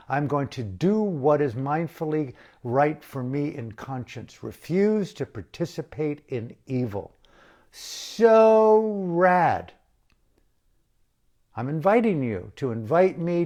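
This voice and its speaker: A man with a somewhat high voice speaks very slowly and deliberately in an impassioned address. He leans on dramatic pauses and repeats key phrases for emphasis, urging his listeners to act. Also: darkish tone. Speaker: activist speaker.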